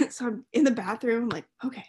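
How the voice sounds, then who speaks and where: In a casual conversation, a Southern US woman co-hosting a podcast giggles her way through a story. She speaks at normal speed in a fairly high, husky voice, telling it animatedly with frequent laughter and many fillers.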